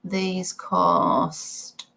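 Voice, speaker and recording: A woman's voice: fairly low pitch, flat delivery, extremely slow, gravelly, pushed and bright, poor audio. A woman vlogger chatting casually and rambling about her resale items, with giggly asides. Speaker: eBay reseller vlogger. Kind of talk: casual chat to viewers.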